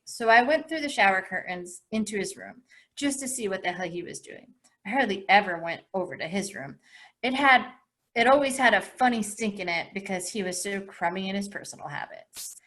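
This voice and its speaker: A woman English teacher reading a first-person novel aloud to her class with expressive delivery. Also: medium pitch.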